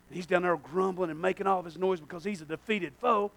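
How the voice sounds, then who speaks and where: A man preaching a sermon in a church, swinging from quiet asides to shouted exhortation. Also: high-pitched, fast talker, creaky, few pauses.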